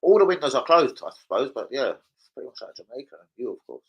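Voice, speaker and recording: A man's voice: medium pitch, sing-song, quick pace, lo-fi sound. A young man chatting casually on a live stream at home, swearing freely and bantering with viewers. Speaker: livestreamer.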